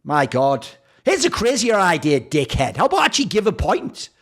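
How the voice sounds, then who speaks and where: A man's voice: high-pitched, huge pitch swings, fairly quick, fairly bright tone, slightly rough. A man hosting a show, ranting in a sarcastic, profane, mocking commentary. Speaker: esports commentator and show host.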